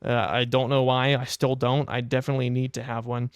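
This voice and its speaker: A young adult man hosting a podcast, telling a casual anecdote in a wry, animated way. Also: medium pitch, fairly quick, clear, resonant tone, no echo, studio quality. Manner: animated, wry storytelling with quoted asides. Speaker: podcast host.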